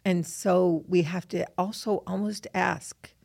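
A woman's voice: fairly low pitch, steady tone, slow, gravelly, darkish tone. A woman co-hosting a scripture lesson, reflecting thoughtfully and searching for her words as she goes. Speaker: podcast co-host.

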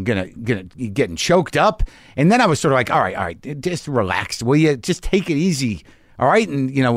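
A man's voice: on the high side, no room sound, clean studio sound. A man hosting a podcast, telling a story in a casual, profane, worked-up monologue. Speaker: podcast host.

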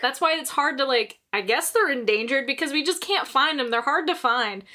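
A young woman with a high, bright voice tells a story in a loose, casual chat. She swears freely and laughs a lot between lines. Her telling is emphatic and animated. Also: fairly quick.

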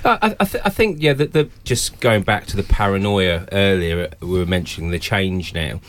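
Male sports journalist, very deep voice, halting delivery, panel chat. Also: expressive, a little hiss or hum. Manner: halting, repeats words when starting sentences. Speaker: football journalist.

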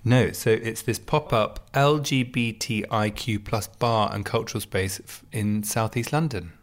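A man's voice: on the low side, unhurried. A man co-hosting a casual podcast chat, recommending places with wry joking asides. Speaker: podcast co-host.

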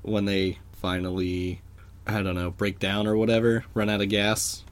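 A man's voice: lowish voice, little pitch movement, moderate pace. A man co-hosting a casual podcast, laid-back and joking, laughing often. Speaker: podcast co-host. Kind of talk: casual chat.

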